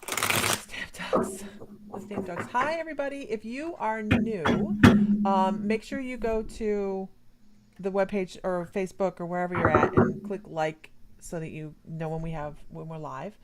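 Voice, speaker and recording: A woman's voice: medium pitch, moderate pace. A woman co-hosting a live stream, chatting in a friendly, joking way and greeting viewers. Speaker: co-host. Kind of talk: casual live-stream chat. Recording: loud background noise.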